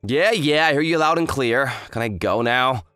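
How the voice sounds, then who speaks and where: Guy doing a smug hungover fiancé, lazy dismissive drawl, pitch bouncing all over, dry close sound. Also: animated, normal speed, bright, forceful tone, clear, resonant tone, no room sound, soft background music. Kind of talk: dramatized story voice acting.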